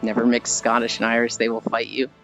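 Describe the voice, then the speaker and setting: A man's voice: medium pitch, monotone, fairly quick, fairly bright tone. Chatty American man streaming. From United States. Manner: rambling, chatty, laughs at own stories. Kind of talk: casual live-stream chat, reading chat aloud. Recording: dull lo-fi audio with faint background music.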